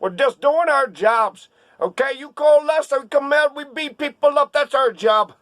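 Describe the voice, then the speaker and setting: Man doing a brash Brooklyn cop-union spokesman, loud, high, mocking, dry sound. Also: measured pace, no room sound, heavily acted.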